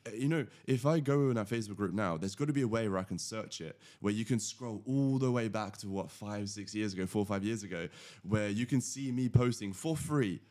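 A British man in his thirties, a podcast guest telling his origin story in a rambling, self-correcting, animated way. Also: fairly low pitch, fairly quick. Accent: British English. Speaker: podcast guest, agency founder. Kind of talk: casual storytelling interview.

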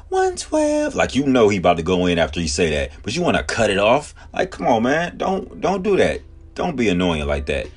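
A man with a low, deep voice hosts his own podcast and rants for laughs. His talk is slangy and full of over-the-top mock outrage, and music plays clearly behind him. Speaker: podcast host. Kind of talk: comedic solo rant.

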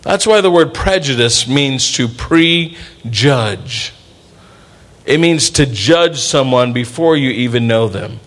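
A middle-aged male pastor preaching a sermon in an animated way, with playful asides and bits where he acts out voices. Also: medium pitch, slow.

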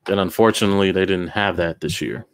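A man's voice: deep voice, fast. A man co-hosting a casual wrestling chat show, talking things through thoughtfully with many fillers. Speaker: podcast co-host.

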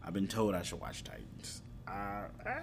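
A man with a low voice, big swings in pitch and some vocal fry talks at a moderate pace about anime and streaming apps. He rambles, backtracks to correct himself and laughs at his errors, over some background noise.

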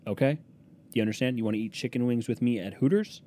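Recording alone at a desk in a small room, a young man hosts his podcast with a solo comedic monologue of crude, rambling stories that mock himself. His voice is medium-pitched and dark, his pace quick, with a little hiss or hum in the audio.

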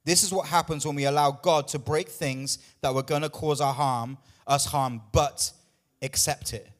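A man's voice: a little high, fairly even intonation, normal speed. A man pastor preaching a sermon with emphatic, repetitive lines, out of breath at times.

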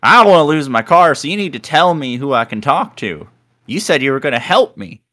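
A man's voice: fairly high pitch, big pitch swings, a little fast, bright, forceful tone, voice pushed up. Man doing a frantic, pushy woman caller. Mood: pleading. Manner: insistent, pleading.

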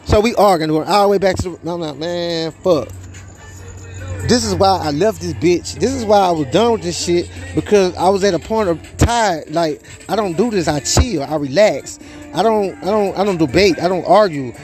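A young man with a high voice tells a long story in loose, casual talk, full of cursing and stalls. He keeps circling back with "you know what I'm saying." Faint music plays low behind him. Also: normal speed, a little mellow. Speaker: father telling his side of a custody dispute.

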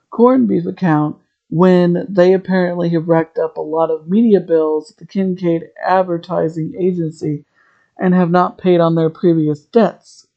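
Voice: mid-range voice, lo-fi sound. A podcast host recapping a TV episode in a chatty, rambling way, drifting into tangents.

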